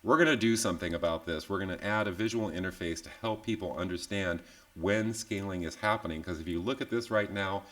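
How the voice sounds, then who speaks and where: A man with a slightly low voice walks viewers through a live online software tutorial. He talks in an easy, conversational way, tossing in "yeah?" checks and little jokes at his own expense. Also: a little fast. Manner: relaxed, chatty, tag questions like "yeah?"; self-deprecating asides. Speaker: software instructor.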